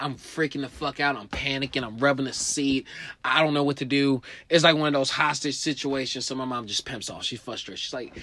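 A man hosting a show, telling a profane story with lively voices, shouting high when he acts out scenes, and turning calm and reflective later. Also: a little fast, no room sound. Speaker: comedian host. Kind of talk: stand-up storytelling.

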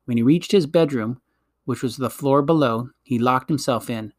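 A man narrating a children's storybook aloud with a measured storytelling delivery. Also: mid-range voice, dry recording, clean studio sound. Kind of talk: storybook audiobook reading.

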